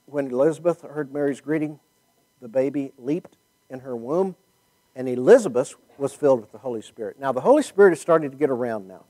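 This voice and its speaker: A man teaching a Bible class in a conversational way, thinking out loud and putting questions to his listeners. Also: medium pitch, animated, a little fast, low-quality recording.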